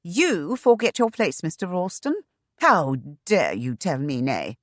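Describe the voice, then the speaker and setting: A woman voicing a haughty, sharp-tongued young heiress who gives orders without pause. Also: fairly low pitch, wildly swooping pitch, dry recording, clean studio sound, voice pushed up. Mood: indignant. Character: haughty young lady estate heiress, fiery.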